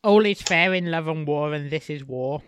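A man's voice: a little high, moderate pace, a bit bright, slight background noise. A man co-hosting a podcast in casual chat, making dry teasing remarks. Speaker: podcast co-host.

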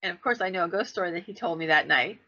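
A woman hosting a podcast, telling stories with a bright, forceful voice and acting out the quotes with lively jumps in pitch. The recording has a dull, lo-fi quality. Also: racing. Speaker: podcast host and storyteller. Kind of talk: casual storytelling. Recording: dull lo-fi sound.

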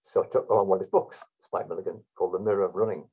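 A man's voice: low voice, fairly even intonation, rapid-fire, mellow, husky. A man telling stories as a guest in a rambling, hesitant way. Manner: rambling, hesitant, many fillers. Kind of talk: anecdotal storytelling. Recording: dull lo-fi recording.

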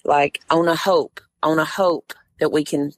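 A woman's voice: low voice, fairly even intonation, measured pace, no room sound. A woman tournament director, a guest on a podcast, telling a story in casual conversation and acting out what others said.

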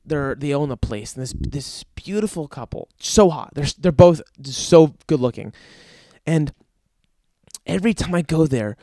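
High-voiced man in a profane comedy rant. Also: lively intonation, normal speed, warm tone, no echo, studio quality. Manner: profane, exasperated ranting.

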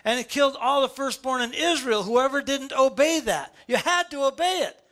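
A male pastor, preaching a sermon in church in an animated, playful way, often asking rhetorical questions. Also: very high-pitched, normal speed.

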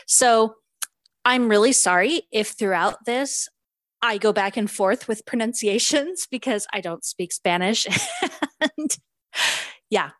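A woman's voice: mid-range voice, fairly bright tone, dry recording. A woman co-hosting a podcast in casual chat, chatty and giggly with many fillers, also reading out a book synopsis. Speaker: podcast co-host.

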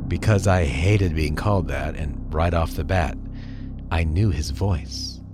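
A man hosting a podcast, narrating a first-person story in a calm, earnest way. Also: a bass voice, a little slow, over loud music.

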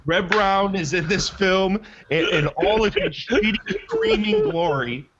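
A man's voice: sits high, very animated, a little slow, highs cut off, very noisy. A man hosting a movie podcast in casual chat, rambling enthusiastically and often correcting himself mid-sentence. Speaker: podcast host.

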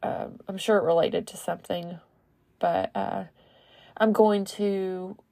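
A woman's voice: medium pitch, steady tone, slow pace, creaky, warm tone, no echo. A woman hosting her own podcast, talking in a rambling, casual way full of fillers and self-corrections. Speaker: podcast host. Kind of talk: casual solo podcast monologue.

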